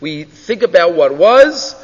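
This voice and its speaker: A man's voice: sits high, big pitch swings, takes it slowly, slightly rough, big-room sound, muffled recording. A man teaching a Torah class, telling the story with energy and asking and answering his own questions, with Hebrew and Yiddish terms mixed into his English. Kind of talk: animated Torah class lecture.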